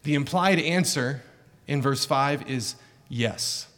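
A man's voice: medium pitch, slow pace, a bit bright. A middle-aged male pastor preaching an earnest, emphatic sermon full of rhetorical questions. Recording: long hall reverb.

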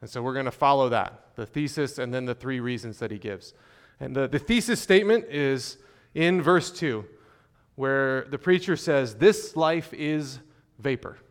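A man delivers a sermon to his congregation in a mid-pitched voice. He talks in a conversational, measured way, with fillers and restarts. He slows down to stress key phrases. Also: clear, resonant tone. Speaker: pastor.

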